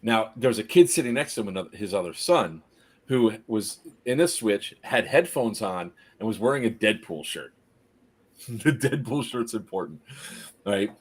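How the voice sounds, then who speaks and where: Husky man telling a story, animated. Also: lowish voice, moderate pace. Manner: animated, laughs often, acts out the people in the story. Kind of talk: casual storytelling on a live stream.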